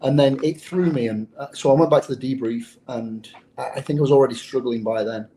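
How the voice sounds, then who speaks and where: A man's voice: mid-range voice, a little fast, dark tone, a little hiss or hum, rough recording. An English man who is a former undercover police officer, telling a story in an interview in a blunt, profane way. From England.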